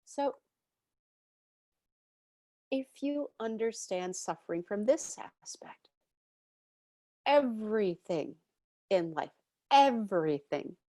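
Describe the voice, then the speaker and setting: A woman teaching a live online spiritual class, telling stories with animated acted-out voices. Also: medium pitch, dry recording, clean studio sound. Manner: animated storytelling, acts out voices.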